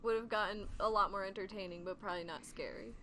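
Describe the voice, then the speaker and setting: A woman's voice: mid-range voice, fairly even intonation, fast talker, sharp tone, a little hiss or hum. A young woman co-hosting a casual podcast, playful and giggly, chiming in with jokes. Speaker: podcast co-host. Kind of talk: casual chat.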